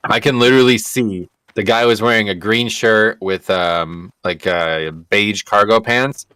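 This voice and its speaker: A man's voice: lowish voice, measured pace, pushed and bright, clean tone, no room sound, studio quality. A man livestreaming a game, chatting casually and rambling through a story with frequent swearing and fillers. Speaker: livestreaming gamer. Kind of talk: casual storytelling chat while gaming.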